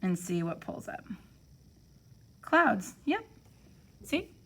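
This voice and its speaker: Young teacher lady doing phonics from home, slow and a bit gravelly, sounds words out, super encouraging. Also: medium pitch, very animated. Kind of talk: remote phonics lesson. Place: home, during quarantine.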